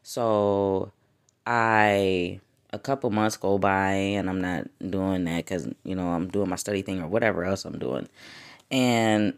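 A woman talking straight to her podcast listeners in a relaxed, unscripted monologue. She tells stories with lots of energy, curses freely, laughs a lot, and her voice jumps up and down in pitch and loudness. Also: creaky. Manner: animated storytelling with profanity and frequent laughs; wide swings in pitch and loudness. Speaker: podcast host. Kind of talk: casual spiritual podcast monologue.

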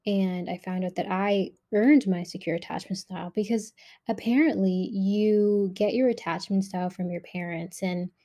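A young woman talks straight into her podcast mic in a loose, rambling monologue. She sounds worked up and candid. Her voice has a mellow, dark warmth at an ordinary middle pitch. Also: moderate pace. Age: young adult. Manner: candid, animated, heated. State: agitated and shaken. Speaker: podcast host.

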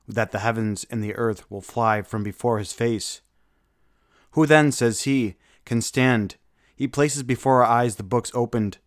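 A man giving a solemn, measured devotional reading of saints' lives, with a few small slips. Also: mid-range voice, dry recording, clean studio sound.

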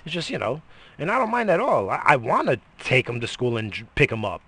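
A man's voice: mid-range voice, wildly swooping pitch, a little fast, fairly bright tone, husky. A middle-aged man in a casual, rambling monologue, swearing freely and coughing between lines. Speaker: vlogger.

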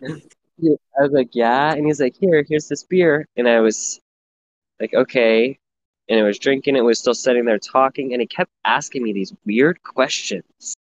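A young man tells crude stories in a loose, self-mocking way, his voice at an everyday middle pitch. The sound is dull and lo-fi, with faint noise behind him. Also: normal speed. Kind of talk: casual crude chat.

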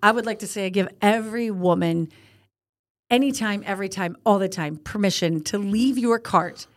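An older woman co-hosting a casual podcast, telling stories in a rambling, animated way with many restarts. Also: mid-range voice, moderate pace. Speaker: podcast co-host.

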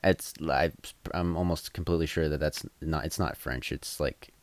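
A man co-hosting a podcast in casual chat, wry and dry, often trailing off quietly. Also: very deep voice, fairly even intonation, normal speed, dry recording. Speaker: podcast co-host.

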